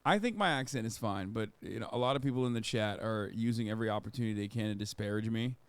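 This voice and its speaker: A man's voice: on the low side, quick pace, clear, resonant tone, dry recording. A man streaming casual commentary, sarcastic and swearing freely.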